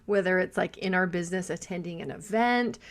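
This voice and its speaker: A woman's voice: on the low side, fairly quick. A woman hosting a podcast interview who sums up her guest's points and asks reflective follow-up questions. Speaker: podcast host.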